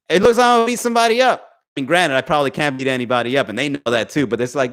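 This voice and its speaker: A man's voice: on the high side, racing, a bit bright. A young adult man, a comedian hosting a casual livestream podcast, talking through a phone, reading viewer comments and acting out the voices he quotes, with plenty of swearing. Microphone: phone for live stream.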